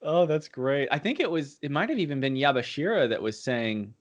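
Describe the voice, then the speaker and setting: A man co-hosting a casual anime podcast, chiming in with short agreements and quick quips. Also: a little high, lively intonation. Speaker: podcast co-host.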